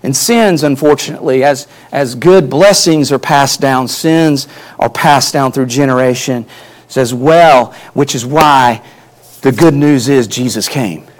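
A man's voice: medium pitch, unhurried. A male pastor preaching a sermon earnestly, his emphasis rising and falling, often repeating words as he builds a point.

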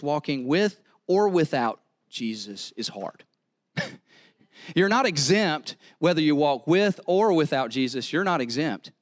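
A man with a Southern US accent preaching a sermon as pastor, animated and repeating words as he builds to excited exhortation. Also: a little high. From American South.

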